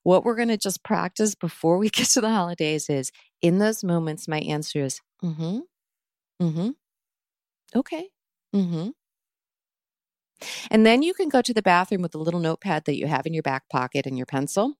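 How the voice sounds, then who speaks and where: A low-pitched woman talks through a mindfulness practice in a relaxed podcast conversation. She is calm and earnest and walks through each step with plenty of fillers. The recording is close and dry. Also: fast, few pauses, dry recording. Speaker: mindfulness teacher. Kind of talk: casual podcast chat.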